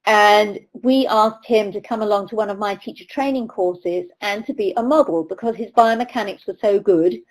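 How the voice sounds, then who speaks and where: A middle-aged British riding coach speaks in a webinar lecture. She tells stories in a mid-pitched voice and slips into the voices of the people she quotes. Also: moderate pace, hardly any pauses, low-quality recording. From United Kingdom. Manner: storytelling, acts out quoted voices.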